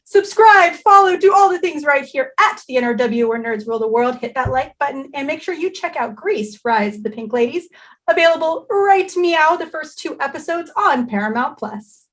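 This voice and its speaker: A woman's voice: high-pitched, animated, normal speed, a bit bright. A woman hosting a casual interview, upbeat and enthusiastic, laughing often. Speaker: interview host.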